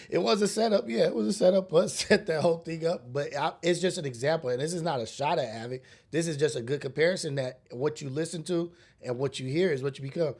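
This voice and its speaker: A brisk man with a slightly high, darkish voice hosts a solo podcast, ranting bluntly and preachily with street slang and curses. He was raised in a rough urban neighborhood, and the talk is a casual solo monologue.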